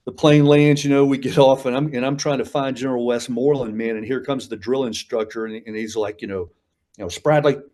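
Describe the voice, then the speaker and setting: As a guest in a casual storytelling interview, a fifties-aged combat veteran rambles through his stories, restarting often, filling gaps, and repeatedly saying "man." He speaks fairly quickly in a mid-range, a little mellow voice with a steady tone.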